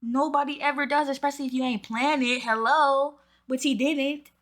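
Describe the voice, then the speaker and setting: A woman's voice: high-pitched, steady tone, moderate pace, fairly bright tone. A woman giving casual commentary straight to her viewers. She talks in an emphatic, slangy way. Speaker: commentary YouTuber.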